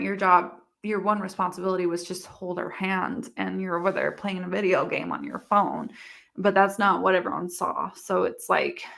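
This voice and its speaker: A woman's voice: fairly low pitch, vocal fry, a bit bright. A young woman as an interview guest, telling a long candid story in a rambling way, full of "like" and acted-out quotes.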